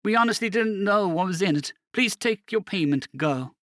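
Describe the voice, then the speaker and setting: A man's voice: high-pitched, expressive, normal speed, fairly bright tone, dry recording, studio quality, pitched above the performer's own voice. A man voicing an anxious young alien summoner who speaks in an earnest, pleading way in a storybook reading.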